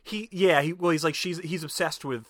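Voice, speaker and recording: A man's voice: on the high side, normal speed, fairly bright tone, no room sound, studio quality. A man hosting a podcast, casually retelling a film's scenes and acting out the characters' lines, with frequent swearing. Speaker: podcast host. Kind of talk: casual film recap chat.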